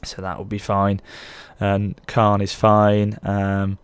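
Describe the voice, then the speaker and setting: A man's voice: fairly low pitch, completely flat delivery, slow pace, smooth, no echo. A man in his thirties giving rambling, casual let's play commentary, often correcting himself mid-sentence. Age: 30s. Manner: chatty, rambling, frequent self-corrections. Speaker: gaming channel host.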